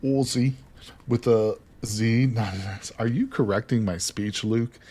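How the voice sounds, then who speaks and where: A man's voice: fairly low pitch, fairly even intonation, measured pace, dark tone, slightly rough. An American man live-streaming a game, chatting casually with viewers and teasing them, cursing now and then. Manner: joking, teasing, swears casually.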